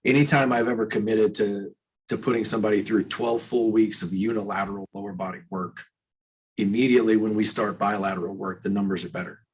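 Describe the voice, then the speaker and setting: A man's voice: on the low side, steady tone, a little fast, rough recording. A man, a strength coach guest on a podcast, talking bluntly and emphatically and swearing freely. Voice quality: husky. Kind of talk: podcast interview.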